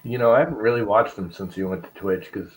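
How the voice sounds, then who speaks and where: A man sits in on a casual video call. His voice is fairly low, and he jokes and laughs as he tells stories to the group. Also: fast, poor audio. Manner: joking, laughing storyteller. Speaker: guest.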